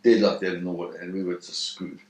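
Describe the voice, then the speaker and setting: In an interview, a man tells a first-hand story vividly and animatedly, acting out the sounds and voices. He speaks fast in a low-pitched voice, with a roomy echo on the recording.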